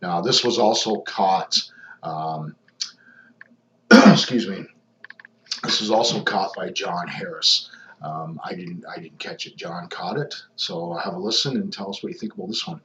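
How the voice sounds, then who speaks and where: A man's voice: low voice, a little slow, a bit bright, a little hiss or hum. A man who investigates hauntings talks casually through footage, rambling with lots of ums and restarts. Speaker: paranormal investigator. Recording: echoey, dull lo-fi sound.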